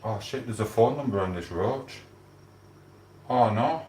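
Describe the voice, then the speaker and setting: Male streamer, casual rambling chat with viewers, low-pitched, echoey home room. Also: animated, unhurried, darkish tone. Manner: chatty, greets viewers by name, rambling. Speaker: livestream host.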